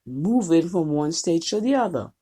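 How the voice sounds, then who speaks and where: Husky, lively woman lecturing. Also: on the low side, moderate pace. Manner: emphatic, questioning the class. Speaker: college instructor. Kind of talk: recorded lecture.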